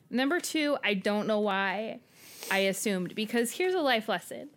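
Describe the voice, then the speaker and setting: A middle-aged woman co-hosting a podcast, telling a story in an animated, self-deprecating way. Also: medium pitch, unhurried. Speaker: podcast co-host. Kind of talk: casual storytelling chat.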